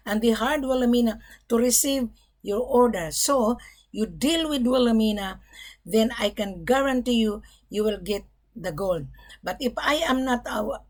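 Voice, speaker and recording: A middle-aged woman gold broker talking to camera in a blunt, emphatic monologue, often swearing "bloody". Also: fairly high pitch.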